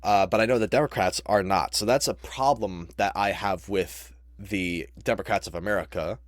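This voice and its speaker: A man talks through a casual reaction, rambling and backing up to restart his points. His voice sits low and the sound is dry and close. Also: normal speed, no room sound. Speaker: reaction commentator.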